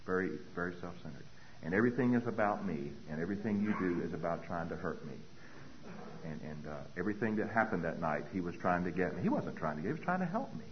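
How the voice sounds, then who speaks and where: A man's voice: sits low, lively intonation, quick pace, muffled recording. A middle-aged man giving a personal recovery talk, earnest and repeating key phrases for weight. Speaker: recovery meeting speaker.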